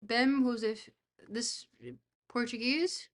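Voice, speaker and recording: A young woman streaming a geography guessing game, reacting excitably, swearing freely and talking to her chat. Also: a little high, slow. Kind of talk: casual live-stream chat while playing a geography game.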